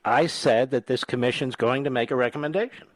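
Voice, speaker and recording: A man's voice: medium pitch, a little fast, no echo. A man in his sixties hosting a talk radio show, chatting casually and telling stories with dry jokes. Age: 60s. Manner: wisecracking, lively storyteller. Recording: dry studio sound.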